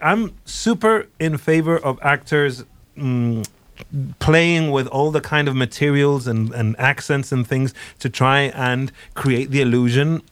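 A man's voice: a little high, fairly bright tone, dry recording. Chatty, rambling male radio presenter. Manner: chatty, rambling, self-interrupting, laughs often. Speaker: radio presenter reviewing a series. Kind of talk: casual radio chat.

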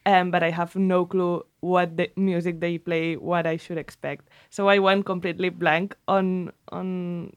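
A young woman chatting on a podcast with a smooth, clean voice. She is giggly and self-deprecating in tone. The sound is dry and close. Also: fairly low pitch, little pitch movement, a little slow, few pauses, dry recording. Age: young adult. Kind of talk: casual chat.

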